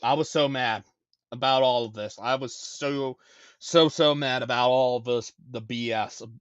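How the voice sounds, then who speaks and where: A man's voice: medium pitch, fairly even intonation, normal speed, clear, resonant tone, no echo, highs cut off. A man hosting a casual live-stream talk show, ranting and stammering as he repeats himself over and over. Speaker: show host.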